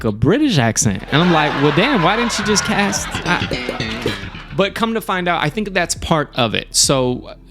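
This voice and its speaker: A mid-range male voice belongs to a streamer hosting a live show where he reviews programs. He keeps things relaxed and chatty, swearing casually and frequently starting his sentences over.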